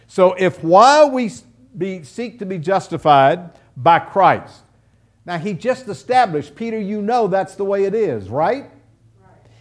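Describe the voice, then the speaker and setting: A male preacher teaching Bible verses in a sermon, speaking slowly and deliberately. His voice sits high and swings widely, climbing sharply on emphatic exclamations and rhetorical questions. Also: expressive. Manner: emphatic, pounding home points with rhetorical questions.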